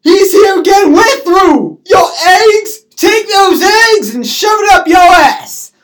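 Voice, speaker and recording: A man voicing his mother's angry, bullying boyfriend in a comic rant, yelling threats. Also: very high voice, expressive, slow, crowd noise, voice pushed up, exaggerated voice. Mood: shouting. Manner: shouting, threatening.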